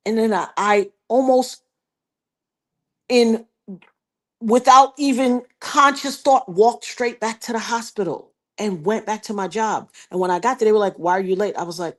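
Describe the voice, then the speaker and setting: A woman's voice: a little high, expressive, moderate pace. Emphatic woman telling a dramatic story. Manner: emphatic, addresses listener directly, acts out quotes. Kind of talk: animated personal storytelling.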